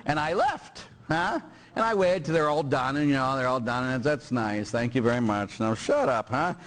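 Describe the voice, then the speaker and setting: A man's voice: mid-range voice, moderate pace. A man, an older Catholic priest, telling a story in a sermon and acting out the people in it with comic voices. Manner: animated, acts out quotes in funny voices.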